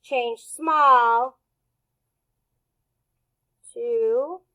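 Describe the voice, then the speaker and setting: A woman teacher runs a phonics lesson for young children. Her voice sits high, and she says each word slowly and with great care. Her tone stays cheerful and encouraging throughout. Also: sharp tone, rough recording. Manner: slow, clear, over-enunciated word drills.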